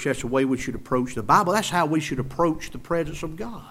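An expressive male pastor preaches, moving back and forth between booming emphasis and soft, stretched-out low lines. He keeps throwing rhetorical questions at the congregation.

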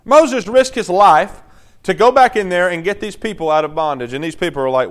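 Preacher man, kinda high voice, real smooth and clear, keeps asking y'all with me. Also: a little fast. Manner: conversational, checks in with the crowd often. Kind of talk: sermon.

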